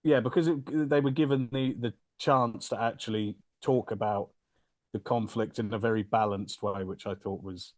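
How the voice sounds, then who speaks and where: A man's voice: on the low side, steady tone, moderate pace, no echo. A man co-hosting a casual film podcast, joking around and breaking into silly impressions. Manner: jokey, bursts into loud silly celebrity impressions. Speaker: podcast co-host.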